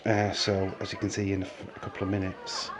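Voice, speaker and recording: A man's voice: deep voice, monotone, quick pace, a crowd in the background, background noise. A man casually narrating a walking tour, rambling with fillers and restarts, chuckling often, recorded on a handheld camera mic. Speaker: vlogger touring a film studio. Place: outdoor and indoor studio tour sets.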